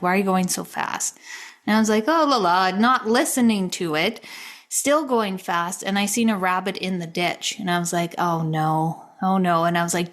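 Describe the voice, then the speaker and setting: A woman co-hosting a podcast, telling a personal story in a rambling, chatty way, full of "like" and quick laughs. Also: medium pitch. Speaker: podcast co-host. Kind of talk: casual storytelling chat.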